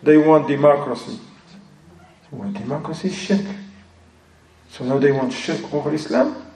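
In accented English, a man explains a religious text as an Islamic teacher, frequently breaking into Arabic phrases and recitation. His voice is a little high and a little mellow, at a moderate pace, with a slight hiss or hum. It's recorded from afar in an echoey room.

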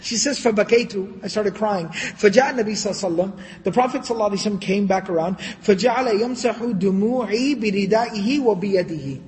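A man giving a storytelling religious lecture, animated, with sarcastic asides and quick recitations. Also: high-pitched. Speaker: Islamic lecturer. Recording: long hall reverb.

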